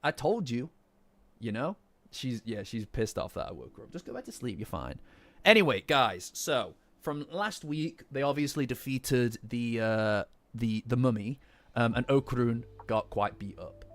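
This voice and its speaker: A man's voice: medium pitch, lively intonation, moderate pace, a bit bright, no room sound. Man with a Midlands accent. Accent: English Midlands. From England. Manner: rambling with many restarts, swears casually. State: recovering from flu. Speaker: streamer. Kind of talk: casual live-stream chat. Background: faint lofi music.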